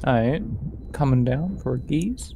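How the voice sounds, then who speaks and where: A man with a gravelly, fry-heavy voice trades teasing, profane jabs with his gaming partner. He laughs often and keeps the tone loose. Game music plays clearly behind him. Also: mid-range voice, expressive, measured pace. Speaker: co-player. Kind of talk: casual gaming banter.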